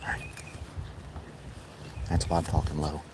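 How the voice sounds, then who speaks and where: A man filming a casual hiking vlog on a wooded trail, often talking low or whispering as he coaxes his dog along. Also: monotone, measured pace, very noisy. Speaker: vlogger walking his dog.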